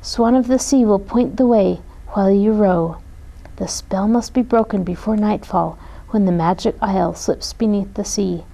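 A woman reading a storybook aloud and voicing an enchanted young prince who speaks calmly and earnestly. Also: mid-range voice, moderate pace, creaky, natural voice, poor audio.

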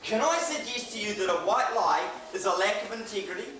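A New Zealand preacher delivers a chatty sermon with a strikingly high, bright voice. He stands well back from the microphone in a big echoing church hall. A faint hiss runs under the recording. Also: expressive, brisk. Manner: conversational, joking asides. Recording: echoey hall, distant mic, faint hiss.

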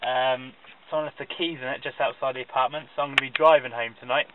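A man giving a rambling, deadpan comic review of a dinner to camera. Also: medium pitch, fast, noisy background. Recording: tinny phone-like camera audio.

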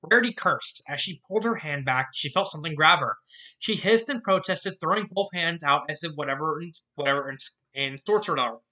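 Amateur fanfic reader, stumbles a lot, swears at the text sometimes, bright tone, muffled mic. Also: medium pitch, lively intonation, a little fast. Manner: stumbles and restarts, laughs and swears in asides. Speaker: fan fiction reader. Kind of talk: amateur fan fiction reading.

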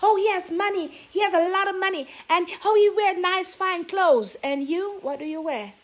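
A woman's voice: extremely high pitch, moderate pace. A woman vlogger giving relationship advice, scolding her listeners with sassy rhetorical questions. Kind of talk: preachy talk to camera.

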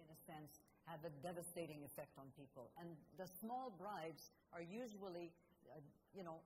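Woman on a panel, earnest, repeats herself, lower voice, faint noise behind. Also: dark tone. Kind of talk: panel debate remarks. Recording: long hall reverb.

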